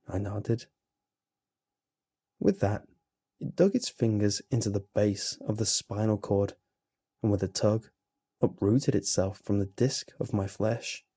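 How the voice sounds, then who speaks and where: Slow, dark-voiced male horror narrator. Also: fairly low pitch, slightly rough, no echo. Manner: slow, grim, measured storytelling.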